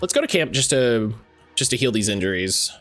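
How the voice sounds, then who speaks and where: Chatty, expressive male game streamer. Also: mid-range voice, a little fast, faint music behind. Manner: rambling and chatty, laughs easily. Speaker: livestream gaming host. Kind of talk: casual stream commentary.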